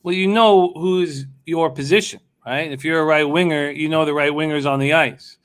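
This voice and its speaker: A man's voice: a little high, fairly even intonation, normal speed, fairly bright tone, clear, resonant tone. A man hosting a live sports betting show, chatting loosely, swearing now and then while he places bets. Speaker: sports betting radio host. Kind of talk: casual live show chat.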